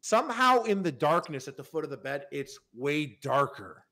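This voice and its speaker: A young man in his twenties tells a story to friends on a podcast. His voice sits a little high, and he rambles, restarting sentences and filling gaps with "like" and "you know.". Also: big pitch swings, moderate pace, pushed and bright. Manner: rambling, lots of fillers and restarts. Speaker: podcast host. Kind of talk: casual storytelling.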